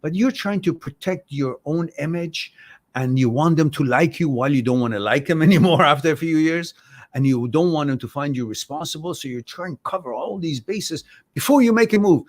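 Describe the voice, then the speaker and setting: A man hosting an advice show, answering viewer questions about relationships in a blunt, direct way, swearing casually and swinging between soft and loud. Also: fairly high pitch, lively intonation, fairly quick.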